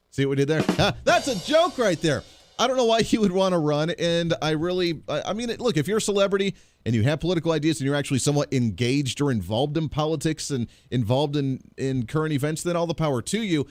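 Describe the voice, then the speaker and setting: A man's voice: a little high, lively intonation, fast talker, no echo. A man hosting a talk radio show, a little congested, chatty and joking with frequent restarts, in a radio studio. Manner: chatty, jokey, lots of restarts.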